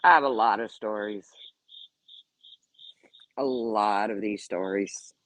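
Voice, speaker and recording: A woman's voice: rumbling low, slow, poor audio. A middle-aged woman telling candid stories in a casual way, swearing freely and acting out what people said. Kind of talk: casual storytelling.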